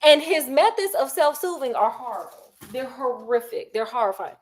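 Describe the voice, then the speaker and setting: A woman's voice: high voice, moderate pace. A woman, chatting while she cooks and gossiping about reality TV in a sassy, dramatic way. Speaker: cooking vlogger. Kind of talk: casual chat while cooking.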